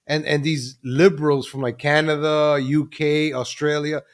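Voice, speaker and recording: Man, live stream host, ranting commentary, fairly high voice. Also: flat delivery, a little slow. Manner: ranting, repeats ladies and gentlemen.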